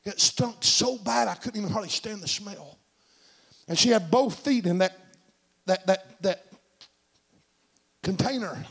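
A middle-aged man preaching a sermon in a church, telling a story and swinging from shouts to hushed tones. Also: sits high, unhurried, gravelly, pauses often, slightly rough. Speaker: senior pastor. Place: church sanctuary.

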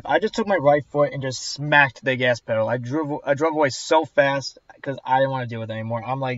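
A man's voice: medium pitch, a little fast, few pauses, no room sound. A young man casually narrating a story about an awkward customer, chatty and exasperated, with sarcastic asides. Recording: dull, dry, slightly lo-fi voice track.

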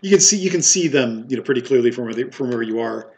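A man's voice: medium pitch, lively intonation, fast. A man running a tabletop game as game master, narrating with many fillers and frequent laughs.

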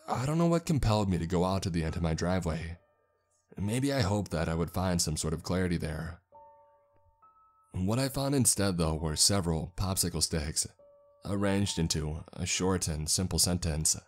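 A man narrating a first-person horror story in a measured, storytelling manner. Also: sits low, expressive. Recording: faint background music.

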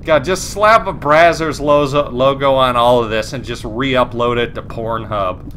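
A man's voice: mid-range voice, a little slow, fairly bright tone, slight background noise. A man casually commentating a video game, rambling, joking and swearing as he plays. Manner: rambling, profane, jokey, self-mocking. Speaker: let's play commentator. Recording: game music playing behind. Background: game music.

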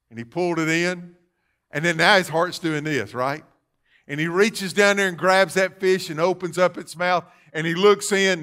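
A man preaching a sermon as pastor, calling out questions to the congregation and rising to loud, fervent passages. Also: fairly high pitch. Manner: call-and-response preaching, rising to loud fervor. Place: church sanctuary.

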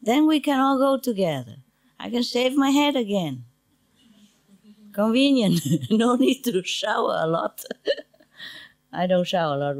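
A woman's voice: medium pitch, darkish tone, dry recording. A woman speaking as a spiritual teacher to her disciples in an informal lecture, chatty and humorous, in non-native English with simple grammar. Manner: chatty and humorous, laughing between asides. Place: meditation centre lecture.

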